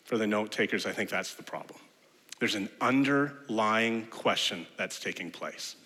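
A man preaching a sermon as pastor, an animated storyteller who acts out the voices in his examples. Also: on the low side, normal speed, breathy edge, big-room sound.

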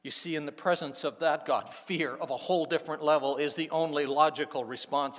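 A man preaching a sermon, with slow, deliberate phrasing that swings between hushed passages and emphatic peaks. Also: a little high, in a large hall. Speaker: pastor.

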